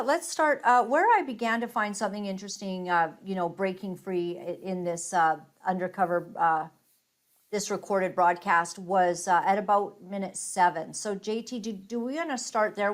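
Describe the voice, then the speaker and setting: A woman's voice: medium pitch, moderate pace. A woman hosting a casual talk show, chatting conversationally as she leads the discussion and cues up clips. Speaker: host. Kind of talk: casual chat reacting to clips.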